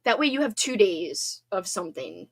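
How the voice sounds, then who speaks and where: A woman's voice: mid-range voice, big pitch swings, normal speed, husky. A woman in her thirties hosting a casual livestream, chatting in a bubbly, talkative way with lots of fillers. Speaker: livestream host reading chat. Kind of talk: casual chat.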